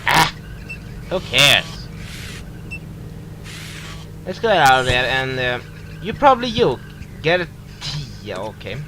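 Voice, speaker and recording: A man giving casual, excitable gameplay commentary, laughing, humming and exclaiming. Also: medium pitch, slow, long pauses, slight background noise, poor audio. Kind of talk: casual let's-play commentary.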